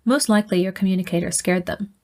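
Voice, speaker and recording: Brief: woman voicing a level, matter-of-fact male scientist in an audiobook, middle pitch. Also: steady tone, fast talker, darkish tone, close to an everyday voice.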